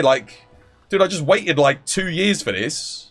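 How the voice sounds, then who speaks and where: A man's voice: fairly high pitch, very animated, normal speed, fairly bright tone, faint music behind. A man live-streaming a game, chatting casually, greeting viewers by name and explaining game mechanics. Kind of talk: casual live-stream chat and gameplay tips.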